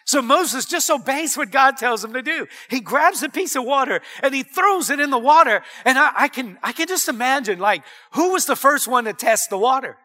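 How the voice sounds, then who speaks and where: A male pastor delivering an earnest, emphatic sermon. His voice is very high and bright with a sharp edge. He keeps building to louder exclamations. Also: animated, moderate pace, hardly any pauses.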